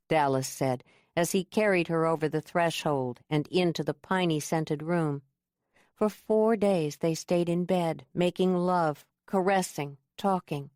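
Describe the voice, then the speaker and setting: A woman with a lowish voice delivers scripted audiobook narration, measured and even throughout. The sound is dry and clean, studio made.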